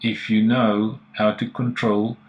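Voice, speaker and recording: A man's voice: lowish voice, little pitch movement, takes it slowly, lo-fi sound. Eager man talking through photo edits. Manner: enthusiastic, thinks aloud while editing. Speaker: photography tutor. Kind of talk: screen-recorded editing tutorial.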